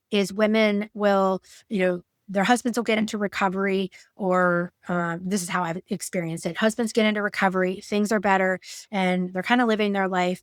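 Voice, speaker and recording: A woman's voice: mid-range voice, smooth, dry recording. Conversational woman coach, dry sound. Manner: conversational, with fillers and acted-out quotes. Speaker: betrayal trauma coach. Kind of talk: educational talk with personal examples.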